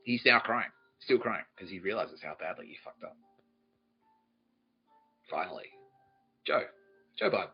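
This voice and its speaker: A man's voice: sits low, expressive, a little slow, gravelly, pauses often, breathy edge, dull audio, faint music behind. A man hosting a podcast, telling a rambling, profane comic story and mimicking people's voices. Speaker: podcast host. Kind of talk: comedic storytelling monologue.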